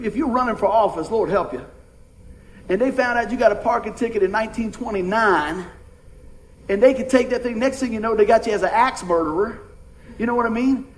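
High-voiced folksy male preacher. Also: a little hiss or hum, poor audio. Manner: folksy, conversational preaching with audience call-outs. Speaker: pastor. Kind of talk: sermon.

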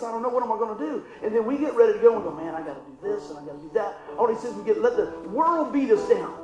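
Pastor guy preaching, high voice, goes loud then soft, roomy church echo. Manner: animated preaching, swinging from loud calls to hushed asides. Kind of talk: sermon. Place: church sanctuary.

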